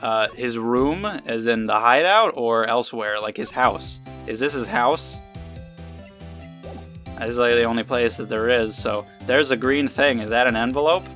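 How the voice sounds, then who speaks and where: A man's voice: mid-range voice, measured pace, fairly bright tone, faint music behind. A young man casually commenting while playing a game, rambling with joking asides to himself. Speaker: let's play host.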